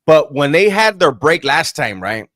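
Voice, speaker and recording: A man's voice: a little high, big pitch swings, unhurried, fairly bright tone, dry recording, clean studio sound. Profane, mocking man on a live stream. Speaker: host. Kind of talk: casual live-stream chat.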